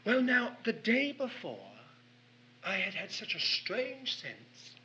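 A man's voice: high-pitched, big pitch swings, takes it slowly, pushed and bright, lo-fi sound. A man preaching a sermon, telling a personal story in an earnest, anecdotal way.

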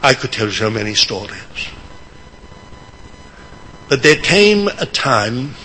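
Older man telling a slow testimony. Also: mid-range voice, soft background music, poor audio. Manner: animated storyteller, acting out quotes. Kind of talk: testimony storytelling.

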